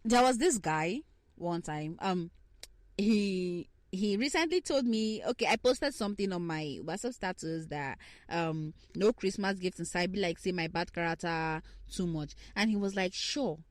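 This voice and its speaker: A young woman hosting a casual talk on relationships, swinging between hushed asides and heated rants. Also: on the low side, lively intonation, a little slow, dry recording. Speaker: podcast host.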